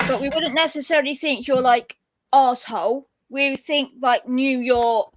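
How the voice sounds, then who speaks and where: A woman in casual chat, measured and explanatory. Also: high voice, fairly even intonation, background noise.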